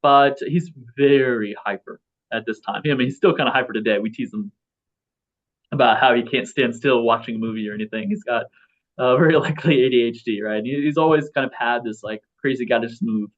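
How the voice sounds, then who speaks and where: His mid-range voice moves fairly quickly as this thirtysomething philosopher rambles through a casual interview, full of restarts and fillers. The recording has a slightly dull, lo-fi quality.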